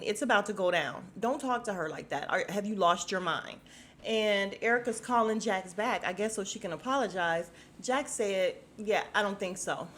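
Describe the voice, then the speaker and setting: A sassy woman recapping a reality show on her podcast. She talks in a casual, blunt way and swears freely at a middle pitch. A faint hiss sits under her voice. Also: fairly bright tone.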